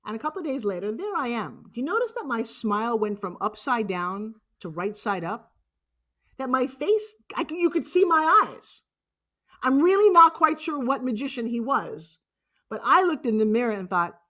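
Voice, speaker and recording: A woman in her sixties with a New York accent, telling a personal story on stage in a lively, joking, blunt way. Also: on the high side, normal speed. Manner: animated, jokey and blunt, acting out other voices. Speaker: motivational speaker.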